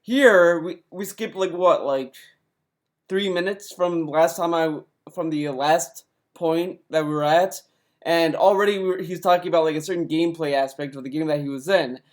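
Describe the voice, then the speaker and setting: A man's voice: fairly high pitch, moderate pace. A man giving casual reaction commentary on clips he plays, rambling and restarting his sentences. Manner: rambling, many restarts and fillers. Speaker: commentary youtuber.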